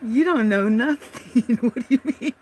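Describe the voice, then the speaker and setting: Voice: medium pitch, moderate pace, a little mellow, a little hiss or hum. A livestream host chatting casually while drawing at home, laughing often and trailing off mid-thought. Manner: giggly, laughs often, rambling.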